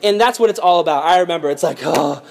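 A young adult man gives a youth sermon in a lively, chatty way. He mixes slang and jokes into his storytelling. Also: high-pitched, racing. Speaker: youth pastor.

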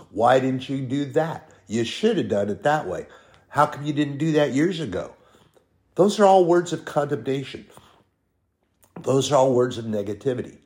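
A man preaching a sermon, stressing points with repeated lists and drawn-out words. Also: mid-range voice, darkish tone.

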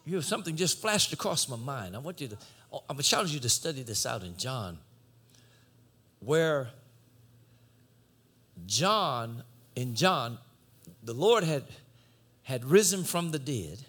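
A man preaching a sermon, swinging from shouted exhortation to low conversational teaching. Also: big pitch swings, a little slow, pauses often, husky.

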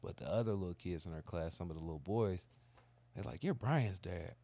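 Low-voiced man telling a profane story. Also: fast talker. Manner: animated, profane, acts out kids' voices. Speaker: podcast co-host telling a story. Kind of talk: casual storytelling chat.

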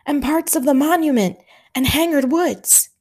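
A woman's voice: sits high, unhurried, darkish tone, pitched above the performer's own voice. A woman voicing a grave male army officer who bellows urgently over the noise of battle. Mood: urgent shouting.

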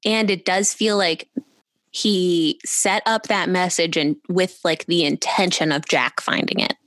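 A woman's voice: fairly low pitch, fairly even intonation, unhurried, fairly bright tone, no room sound. A woman co-hosting a podcast, chatting casually about a TV show in a playful, blunt way. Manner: playful and blunt, laughs often. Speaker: podcast co-host. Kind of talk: casual chat recapping a TV show.

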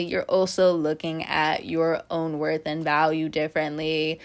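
A woman doing a casual tarot reading, animated and blunt, swearing freely and laughing at herself. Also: sits low, unhurried, few pauses. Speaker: tarot reader.

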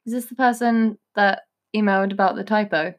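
Woman co-host, mid-pitched, dry and wry in relaxed chat. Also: brisk. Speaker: podcast co-host. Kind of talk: casual chat.

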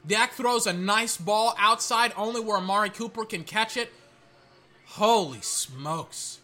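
Excitable male fan doing live game-reaction commentary; high, bright, exclamatory, rambling. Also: unhurried.

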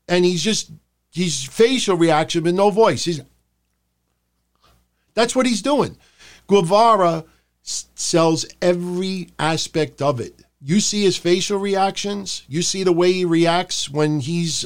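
Guy rambling about wrestling on his podcast, kinda high voice, swears a lot. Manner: rambling, profane, does shouted impressions. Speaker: podcast host. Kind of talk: casual wrestling review.

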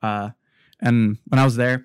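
A man's voice: mid-range voice, fairly even intonation, moderate pace, a little mellow, clean tone, no echo, clean studio sound. A man hosting a podcast over a remote call, laid-back and wry in short casual replies. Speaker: podcast host. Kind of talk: casual chat. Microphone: remote call mic.

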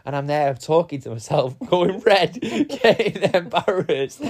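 This is a young man co-hosting a relaxed chat podcast. He tells stories with a lot of animation and plays out both sides of each exchange. He laughs often and swears freely as he goes. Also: on the high side, moderate pace. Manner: animated storytelling, acting out both sides of a conversation. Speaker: podcast co-host. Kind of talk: casual chat.

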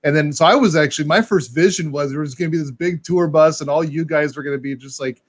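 Casual male host, a touch high-pitched, rambling and laughing. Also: fast, husky. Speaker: podcast host. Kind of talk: casual chat.

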